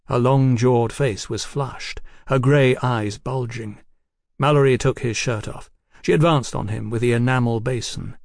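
Brief: male audiobook narrator, mid pitch, measured and unhurried, dry studio sound. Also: steady tone, darkish tone, dry recording. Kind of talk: scripted novel narration.

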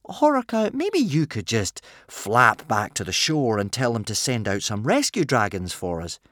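A man voicing an anxious young Viking boy who tries to sound calm. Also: fairly high pitch, unhurried, no echo, clean studio sound, pitched above the performer's own voice. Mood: forced casual.

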